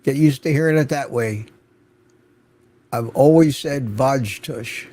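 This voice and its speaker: A man's voice: fairly high pitch, measured pace, warm tone. An older man hosting an unscripted livestream, chatting casually and greeting viewers by name from the chat. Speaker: livestream host.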